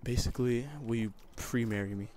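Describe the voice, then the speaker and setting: Emotional young man with a flat, rambling delivery. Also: medium pitch, brisk, a little hiss or hum. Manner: rambling and repetitive, often saying basically. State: emotional, teary. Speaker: YouTuber. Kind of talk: emotional proposal over a gaming commentary.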